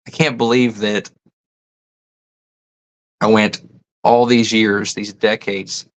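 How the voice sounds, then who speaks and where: A man's voice: on the low side, flat delivery, takes it slowly, poor audio. A man hosting a casual livestream, reading chat comments aloud and musing over them. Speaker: host.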